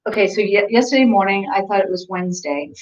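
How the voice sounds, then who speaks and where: A woman's voice: medium pitch, expressive, quick pace. Giggly chatty woman on a distant mic. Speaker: fitness coach and co-host. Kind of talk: casual livestream chat. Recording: distant, dull lo-fi sound.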